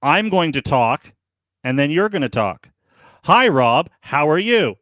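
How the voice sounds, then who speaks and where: A man's voice: a little high, a little slow, no echo. Earnest, rambling man on a live stream. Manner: rambling, earnest, animated storyteller. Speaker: podcast co-host guest. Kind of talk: casual live-stream chat.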